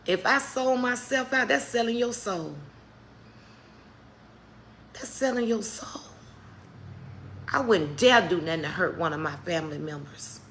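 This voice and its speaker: A woman's voice: fairly high pitch, fairly bright tone, slight background noise. A middle-aged woman giving a motivational faith talk on a live stream, preacherly and calling her viewers "baby". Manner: preacherly, calls viewers "baby", greets chat by name.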